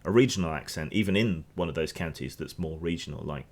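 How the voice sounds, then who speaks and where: A man's voice: very deep voice, quick pace. A man with a Hampshire accent giving casual, opinionated news commentary on a stream, rambling and restarting often. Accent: Hampshire English. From England.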